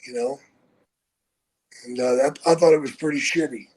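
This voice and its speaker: A man in his sixties telling stories from his own life on a podcast, unhurried and swearing freely. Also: medium pitch, a little mellow, breathy edge, low-quality recording. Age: 60s. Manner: profane, unhurried storyteller. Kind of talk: casual storytelling.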